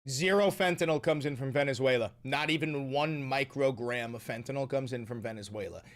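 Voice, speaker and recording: A man's voice: medium pitch, fairly quick. Profane, ranting man reacting to news. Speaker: streamer commenting on the news. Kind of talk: casual news commentary.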